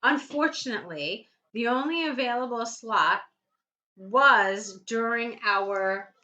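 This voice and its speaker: Patient female writing tutor, clear bright tone, walks through corrections step by step. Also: fairly high pitch, slow, muffled recording. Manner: patient, explains step by step, reads student text aloud. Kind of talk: essay correction lesson.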